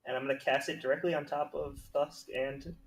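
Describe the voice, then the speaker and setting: A man speaking as a player in a tabletop game, calm and deliberate. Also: fairly high pitch, background noise. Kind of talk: casual tabletop play.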